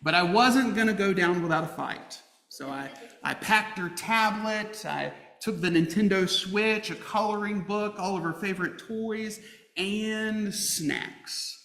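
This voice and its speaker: A man preaching a sermon as a pastor, telling a family story with humor and lively emphasis. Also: high-pitched, a little slow, vocal fry. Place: church sanctuary. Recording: roomy church hall reverb.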